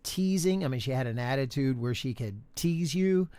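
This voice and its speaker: An older man co-hosting a podcast, talking in a halting, casual way with many fillers and restarts, recorded in a home studio. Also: mid-range voice, lively intonation, a little mellow, clean tone, no echo. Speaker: podcast co-host. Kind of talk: casual chat.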